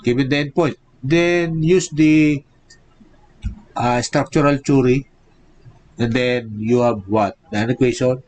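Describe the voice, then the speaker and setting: A man's voice: medium pitch, fairly even intonation, moderate pace, darkish tone, low-quality recording. A male engineering professor giving a live-streamed lecture, drilling each point and checking in with "okay?" and rhetorical "what?".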